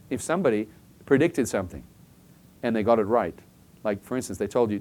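A man's voice: on the low side, expressive, brisk, pauses often, darkish tone, a little hiss or hum. A man preaching a conversational sermon, often asking "okay?" and acting out short everyday scenes to make his point. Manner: chatty, keeps checking in with "okay?" and acts out little scenes.

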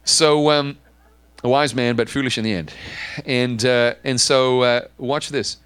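A man's voice: medium pitch, unhurried, clear, resonant tone, dry recording. Emphatic male preacher, dry sound. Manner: animated, emphatic, repeats words when restarting. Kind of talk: sermon teaching.

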